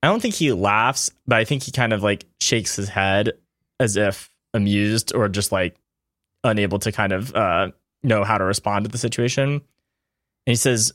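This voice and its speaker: A man narrating as game master of a tabletop game, calm and measured. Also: fairly low pitch, dry recording, clean studio sound.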